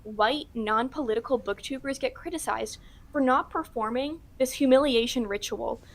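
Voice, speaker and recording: High-pitched, assertive woman. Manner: brisk, assertive and dismissive. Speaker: video commentator. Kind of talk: opinionated commentary video.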